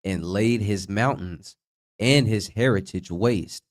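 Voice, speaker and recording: Slow low-voiced man reading scripture. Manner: slow, deliberate reading, short agreements. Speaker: scripture reader.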